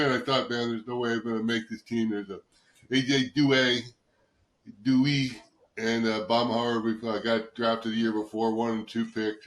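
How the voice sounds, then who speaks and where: Older male guest, rambling storyteller, bright forceful voice, roomy echo. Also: mid-range voice. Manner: rambling anecdotes, swears, acts out quoted voices. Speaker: guest, former football player. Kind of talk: casual storytelling interview.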